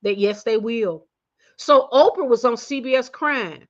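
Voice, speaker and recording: A woman with a high voice delivers a casual, slangy opinion rant as a channel host. She meanders through fillers and restarts, jumping between loud outbursts and low muttered asides. The recording sounds slightly muffled and lo-fi. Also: a little slow.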